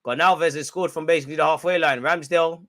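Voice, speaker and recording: A man's voice: on the high side, steady tone, fast talker. A man hosting a live football watch-along, chatting in slangy banter, reacting to the play and often breaking into laughter. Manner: reacts loudly to goals and chances.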